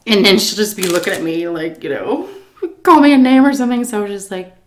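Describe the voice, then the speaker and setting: A woman's voice: medium pitch, brisk. A woman food vlogger telling a story in a chatty, casual way while she eats, often breaking into laughs.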